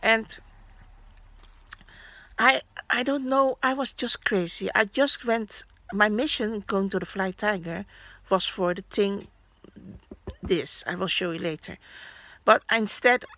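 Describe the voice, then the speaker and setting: Woman vlogger, unhurried and rambling, fillers and restarts, dead-dry room. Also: medium pitch, bright, forceful tone, no room sound. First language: Dutch. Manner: rambling, chatty, frequent fillers and self-corrections. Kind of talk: casual haul vlog.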